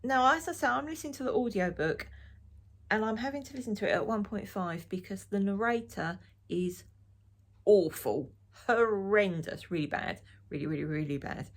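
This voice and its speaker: A middle-aged woman from Essex, England, chats frankly and ramblingly to camera as a knitting vlogger. Her voice sits at medium pitch and moves at a moderate pace.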